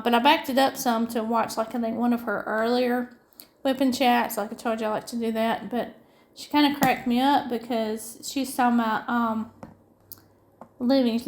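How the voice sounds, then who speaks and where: A middle-aged woman with a Southern US accent from upstate South Carolina, chatting in a rambling, folksy way while she crafts. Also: a little high. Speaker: diamond painting vlogger.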